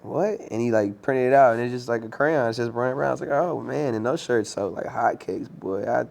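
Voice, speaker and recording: A man's voice: mid-range voice, a little fast, gravelly, darkish tone. A man, a musician guest, telling stories in a loose, slangy way with lots of fillers. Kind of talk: casual interview chat.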